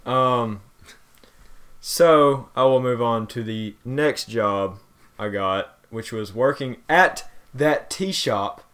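A man's voice: mid-range voice, takes it slowly, a bit bright. A young man, co-hosting a casual podcast and telling stories with acted-out quotes. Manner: storytelling with acted-out quotes, drawling y'all. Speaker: podcast co-host. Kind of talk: casual chat.

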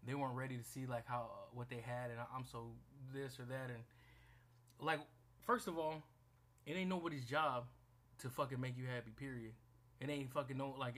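A man's voice: medium pitch, fairly bright tone. A young man in a casual rant, blunt and profane, who often repeats himself and restarts his sentences.

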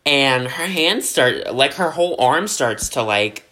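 Chatty man with a bright voice. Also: medium pitch, animated, a little slow. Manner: chatty storyteller, trails off and restarts. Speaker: podcast co-host. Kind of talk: casual chat.

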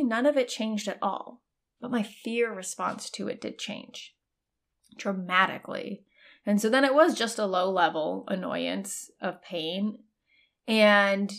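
A woman's voice: medium pitch, creaky. A woman in her thirties telling a personal story in a casual, candid way, full of "like" fillers and the odd swear word. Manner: chatty, frequent "like" fillers, candid with swearing and laughs.

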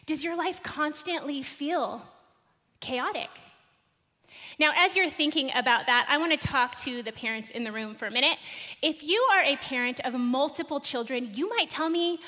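A woman in her thirties preaching a sermon, telling a personal story and asking the congregation questions with animated delivery. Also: sits high, measured pace. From United States. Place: large church hall. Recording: long hall reverb.

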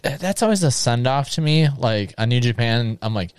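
A man's voice: medium pitch, animated, moderate pace, darkish tone, clear, resonant tone, no room sound. A man co-hosting a podcast, chatting casually and trading short agreeing replies. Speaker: podcast co-host. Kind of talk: casual chat.

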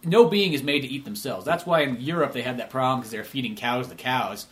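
A man's voice: medium pitch, fast. A man co-hosting a movie podcast, chatting casually and profanely, laughing often and acting out scenes. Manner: profane, laughing, acts out scenes in loud put-on voices. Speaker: podcast co-host. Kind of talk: casual movie review chat.

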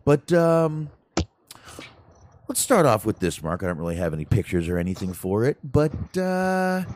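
A man with a very low voice that swings up and down with plenty of life. He co-hosts a casual podcast chat, rambling along with self-deprecating, crude humor. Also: big pitch swings, fast, a little hiss or hum. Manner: salty, profane humor. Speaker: podcast co-host.

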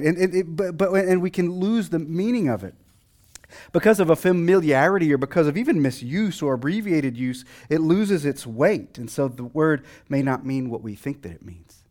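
A man's voice: fairly high pitch, expressive, a little fast, darkish tone. A man from Texas with a light Texan accent, a pastor giving a conversational sermon full of fillers and restarts.

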